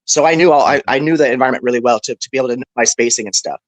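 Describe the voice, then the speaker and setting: A man on a discussion panel telling a story casually, animated and profane, with lots of "bro" and "right". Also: medium pitch, very fast, dry recording, low-quality recording.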